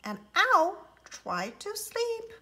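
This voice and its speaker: A woman reads a children's picture book aloud at a very slow, unhurried pace, her voice very high and lively. She plays with the bird sounds and slips into soft whispers. The tone is bright and clear. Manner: slow and playful, mimicking bird calls, dropping to soft whispers. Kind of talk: storybook read-aloud for young children.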